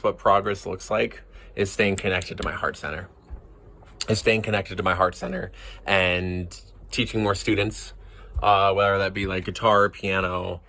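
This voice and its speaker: Soft-spoken male music teacher, low gravelly voice, slight hiss. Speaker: music teacher and student in coaching. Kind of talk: reflective personal sharing.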